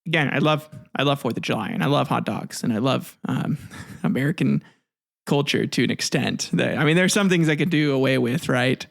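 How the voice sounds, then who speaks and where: A man's voice: medium pitch, brisk, creaky, fairly bright tone. A man narrating history in a casual, offhand way, with jokes, asides and some swearing. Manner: offhand, joking, swears, restarts words. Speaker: history video host.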